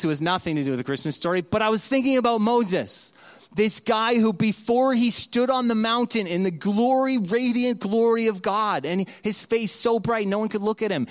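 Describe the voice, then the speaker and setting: A middle-aged man preaching a sermon as pastor, telling stories in an animated way and acting out the voices of the people in them. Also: high-pitched. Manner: animated storytelling, acts out voices in quotes.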